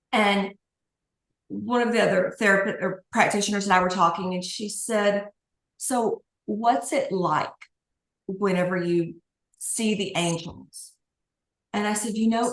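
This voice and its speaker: A woman's voice: mid-range voice, reverberant, rough recording. A woman guest on an interview, an angel communicator, telling stories in a chatty way with light laughs. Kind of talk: casual interview talk.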